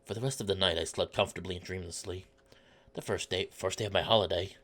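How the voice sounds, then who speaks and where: A man voicing a sarcastic male private investigator who narrates in a low, wry, deadpan way in a game playthrough. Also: fast.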